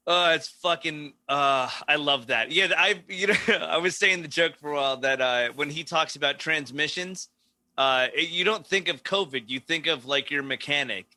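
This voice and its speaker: A man on a comedy podcast, swearing freely and laughing through his stories. His voice sits a bit high and sounds very bright and forceful. The recording is close and dry. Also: moderate pace, no room sound. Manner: profane, laughing, storytelling with acted-out quotes. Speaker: podcast co-host. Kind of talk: casual comedic chat.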